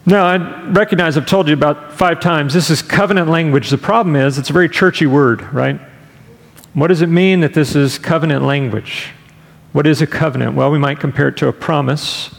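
Man, pastor, sermon, gravelly voice, conversational storytelling, long hall reverb. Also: on the high side, brisk. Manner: conversational storytelling with fillers and asides.

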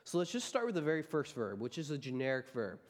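A man's voice: mid-range voice, very animated, fast talker, big-room sound. A man preaching a sermon as a pastor, emphatic and driving his points home by repeating key phrases.

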